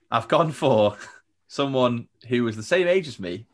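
A man's voice: medium pitch, expressive, takes it slowly. A young man telling stories as a podcast guest, chatty and rambling, laughing often. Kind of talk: casual storytelling chat.

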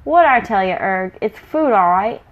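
A woman voicing a big, dimwitted male half-troll with a rough voice, blustering and boastful. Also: medium pitch, animated, moderate pace, narrow, tinny audio, close to an everyday voice. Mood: gruff. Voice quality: rough, dropped-letter dialect speech.

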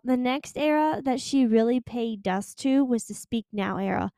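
A young woman hosting her own podcast, talking in an excited, gushing way, breathless at times and swearing freely. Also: fairly high pitch, normal speed, no echo. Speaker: podcast host. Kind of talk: excited casual podcast chat.

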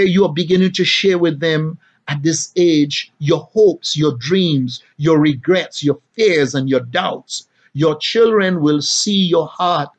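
Preaching man with soaring swells. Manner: preaching with dramatic swells in pitch and volume. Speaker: pastor. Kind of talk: sermon. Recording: dull lo-fi recording.

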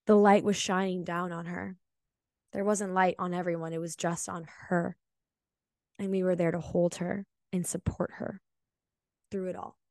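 A woman's voice: fairly low pitch, level tone, normal speed, long pauses, a little mellow, no echo, clean studio sound. Earnest woman sharing a spiritual story. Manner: earnest, emotional and confessional. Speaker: podcast host. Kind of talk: solo spiritual podcast monologue.

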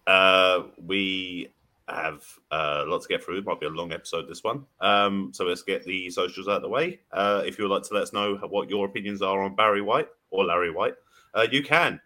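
A man's voice: low-pitched, a little fast, bright, forceful tone. A laid-back man co-hosting a casual podcast, rambling through the intro with plenty of fillers. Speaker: podcast co-host.

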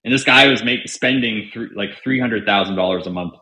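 Young guy, fairly low and bright voice, loose storyteller full of "like", in an echoey room. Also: a little fast. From Canada. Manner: chatty, filler-heavy, acts out quoted dialogue. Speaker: podcast guest, salesman. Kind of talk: casual storytelling. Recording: roomy echo.

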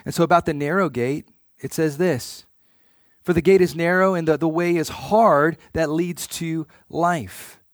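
A man's voice: a little high, steady tone, a little slow, dry recording, studio quality. A man preaching a sermon in an earnest way, often repeating words as he starts a phrase.

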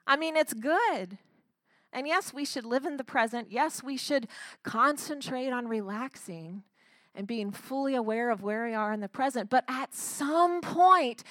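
A woman's voice: sits high, pushed and bright, no echo. A woman giving an earnest devotional talk, retelling a story with frequent restarts. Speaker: Christian speaker.

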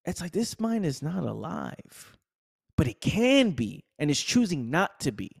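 A man's voice: fairly high pitch, big pitch swings, measured pace, creaky, husky, no room sound, clean studio sound. A man hosting a podcast, giving a passionate motivational monologue full of slang and repetition. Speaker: podcast host.

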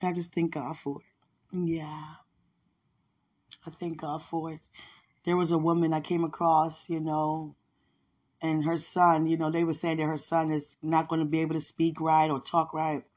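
A woman hosting a podcast, telling a personal faith testimony in casual, animated storytelling. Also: deep voice, moderate pace. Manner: animated storytelling, acts out others' words. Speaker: podcast host.

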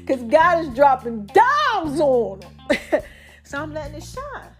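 This New York-accented podcast host speaks slowly and sits high in pitch, soft music playing behind her. Her motivational monologue is casual and animated, drawled, with occasional bursts of singing.

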